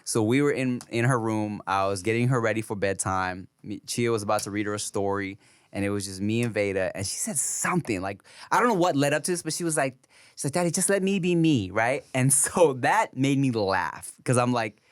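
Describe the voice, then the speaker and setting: A man's voice: fairly low pitch, fairly quick. A man co-hosting a podcast, telling a story in casual chat and laughing often. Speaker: podcast co-host.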